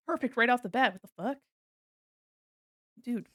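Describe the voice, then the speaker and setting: A young woman streams herself drawing and chats in an unhurried, easygoing way. She swears freely, laughs often and hums bits of songs. Her voice sits a little high and sounds close and dry, with no room around it. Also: fairly bright tone, husky, no echo. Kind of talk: casual livestream chat while drawing.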